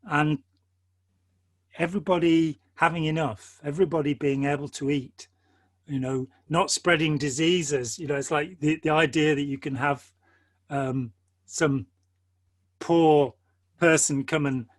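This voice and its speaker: A man's voice: fairly high pitch, fairly even intonation, a little slow, long pauses, dry recording. An older man with an English accent, talking earnestly and at length in a discursive conversation, with many quotes and asides along the way. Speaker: host.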